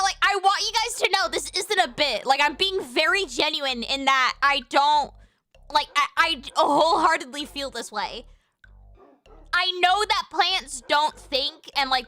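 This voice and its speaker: A woman livestreamer chatting casually to her viewers, rambling with lots of "like", swearing freely and breaking into excited squeals. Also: high-pitched.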